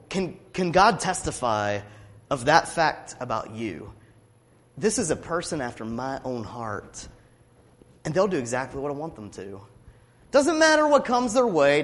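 A pastor preaching a sermon, passionately building up to loud declamation as he reads scripture. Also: mid-range voice. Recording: long reverb of a hall.

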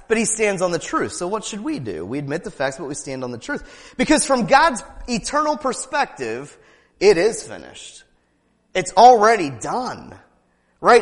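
Fired-up preacher guy, pretty high voice, lots of repeating and questions, long echo trailing off. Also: a bit bright. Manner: fervent, emphatic preaching with repetition and rhetorical questions; breaks into laughs and quick asides. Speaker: pastor. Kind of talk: sermon.

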